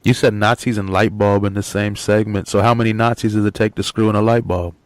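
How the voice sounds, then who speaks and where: A man's voice: lowish voice, steady tone, a little fast, dry recording. A man co-hosting a casual political discussion, talking in a sardonic, joking way. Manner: sardonic, jokey, acts out quoted shouts. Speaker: co-host.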